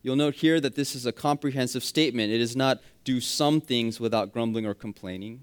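A man preaching a sermon, with emphatic rising phrases that drop quietly at the ends of points. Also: mid-range voice, expressive, normal speed, few pauses, clear, resonant tone. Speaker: pastor.

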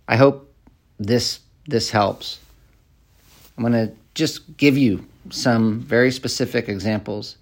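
Gravelly, halting man preaching. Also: medium pitch, a little mellow. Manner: conversational, halting with many fillers and restarts. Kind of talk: sermon application with acted examples.

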